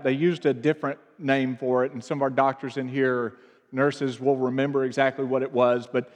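A man in his thirties, a pastor speaking to his congregation in a halting, emotional way, with many restarts and fillers. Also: mid-range voice, level tone. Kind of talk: sermon. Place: church sanctuary. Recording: long reverb of a church hall.

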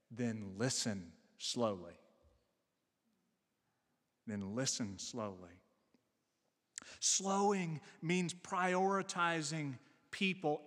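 Man, pastor preaching a sermon, earnest, slightly higher voice, long hall reverb. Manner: earnest, slows and softens on key phrases.

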